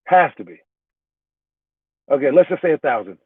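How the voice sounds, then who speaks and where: A man's voice: a little high, expressive, normal speed, slightly rough, dry recording. A man giving a casual motivational talk as a youth basketball trainer, rambling and restarting his words as he goes. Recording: tinny phone-like sound, dry.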